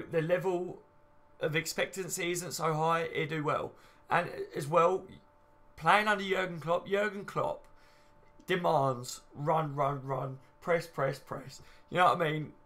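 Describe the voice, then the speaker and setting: A fairly high-pitched man's voice with vocal fry and a slightly bright tone. He's in his late twenties, casually hosting a fan-channel livestream, reading viewer comments as a chatty mate would, swearing casually and saying "you know what I mean" a great deal.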